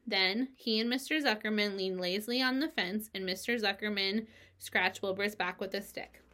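A woman reading a children's novel aloud as narrator, expressive and lively. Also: medium pitch, moderate pace. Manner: expressive, lively character voices.

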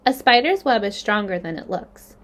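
A woman reads a children's chapter book aloud, her voice sitting in an ordinary middle register for a woman. She tells the story clearly and expressively, with a steady reading pace. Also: medium pitch, moderate pace. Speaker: narrator.

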